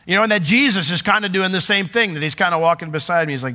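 Animated preacher man in a reverberant hall. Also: high voice, racing. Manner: animated, conversational preaching with asides and acted quotes. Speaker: pastor. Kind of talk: sermon.

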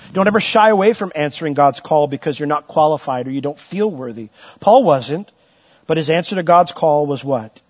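A middle-aged man preaching as a pastor, asking the congregation questions and lifting his voice for emphasis. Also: lo-fi sound. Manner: asks the congregation questions, rises in pitch and volume for emphasis. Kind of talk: sermon.

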